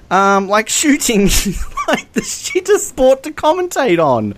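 A man co-hosting a casual comedic podcast, animated and prone to laughing. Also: very high voice, moderate pace. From Australia. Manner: animated and giggly, often breaks into laughter. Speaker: podcast co-host.

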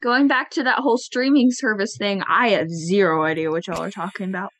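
A young woman, a podcast guest on a video call, telling a story in an excitable, rambling way. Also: medium pitch, brisk, no echo. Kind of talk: casual chat.

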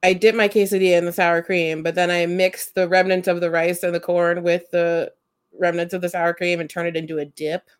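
A woman's voice: lowish voice, little pitch movement, brisk, smooth. A young woman from Central Ohio co-hosting a casual podcast, blunt and opinionated. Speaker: podcast co-host. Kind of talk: casual chat.

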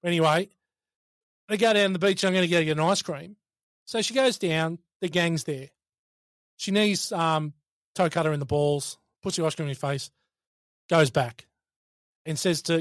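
A man with an Australian accent hosting a casual film review podcast, talking in an animated way, laughing and swearing. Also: sits high, moderate pace, no echo, clean studio sound. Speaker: podcast host.

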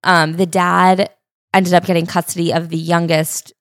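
A woman's voice: lowish voice, little pitch movement, moderate pace, dry recording. Female co-host, plain matter-of-fact delivery, dry close recording. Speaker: podcast co-host. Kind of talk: casual book discussion.

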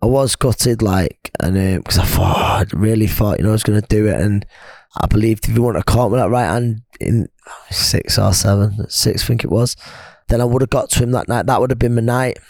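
A man's voice: brisk, gravelly, darkish tone, no room sound, studio quality. A man, a retired boxer as a guest, telling stories in a chatty way and putting on the voices of the people he quotes. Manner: chatty storyteller, acts out quoted friends in a higher laughing voice. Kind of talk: casual podcast interview.

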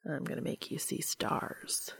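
A woman voicing a tender, commanding adult man who speaks in a low, hushed murmur. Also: measured pace, in a whisper, close to an everyday voice. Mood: hushed intimate.

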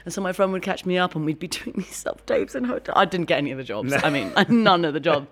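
A woman, a guest on an interview show, telling a long story quickly and with energy. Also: lowish voice. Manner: fast, animated storytelling with laughs. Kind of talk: casual interview chat.

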